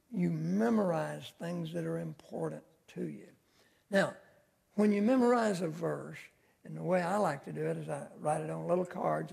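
An older man teaching Sunday school with a heavily gravelly, husky voice. He sits fairly high for a man and talks in a folksy, chatty way, full of homespun asides. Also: darkish tone. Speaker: Bible teacher.

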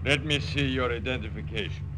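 A man's voice: mid-range voice, brisk, heavy background noise, natural voice. A man playing a curt, humorless guard. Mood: stern. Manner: curt and commanding. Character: stern male border guard, humorless. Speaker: checkpoint guard. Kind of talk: 1940s radio acting.

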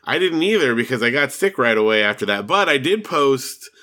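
Man, podcast co-host, bright tone, easygoing chatty talk, laughs often. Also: mid-range voice, big pitch swings, fairly quick. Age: adult with children. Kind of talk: casual chat.

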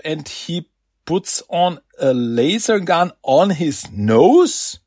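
A man's voice: on the high side, slow, dry recording, clean studio sound. A man hosting a podcast, casually recapping a comic with lots of fillers and laughs. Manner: animated, filler-heavy, laughs often. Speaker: podcast host.

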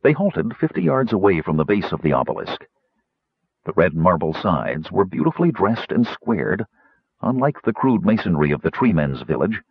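Low, husky male narrator, expressive storytelling; dry, slightly dull recording. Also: normal speed, no room sound. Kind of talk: audiobook narration.

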